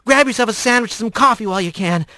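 Busy female rat medic, folksy and brisk, bright dry tone, a man voicing her. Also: a little high, no echo, voice pushed up.

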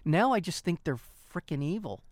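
A man's voice: on the high side, lively intonation, moderate pace, darkish tone, dry recording, clean studio sound. A middle-aged man co-hosting a casual news talk show, reacting emphatically and with indignation.

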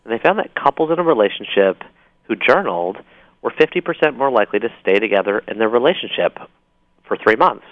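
A man, an author calling in to a talk show, explaining his ideas with upbeat enthusiasm and quick jokes. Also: lowish voice, animated, no echo. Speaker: author guest. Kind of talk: call-in interview. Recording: dull dry phone-in line.

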